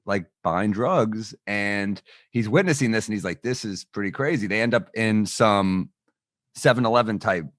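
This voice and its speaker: A man co-hosting a podcast, telling a lively anecdote in casual chat and swearing freely. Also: fairly low pitch, moderate pace, dry recording, studio quality. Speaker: podcast co-host.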